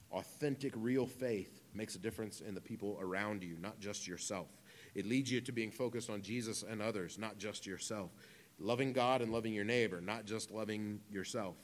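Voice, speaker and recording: A man in his thirties preaching a conversational sermon, with humorous asides and casual phrasing. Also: lowish voice. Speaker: pastor.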